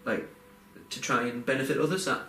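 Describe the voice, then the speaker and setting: A man's voice: medium pitch, a little fast, sharp tone. A young man telling a personal story in a rambling, heartfelt way, full of fillers and restarts. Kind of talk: casual podcast chat. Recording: roomy echo, faint background noise.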